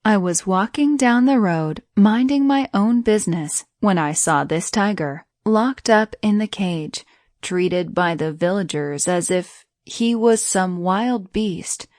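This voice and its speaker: A woman's voice: mid-range voice, slow, a little mellow, dry recording, studio quality, close to an everyday voice. A woman voicing a frightened man who pleads in a raised, anxious voice. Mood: recounting.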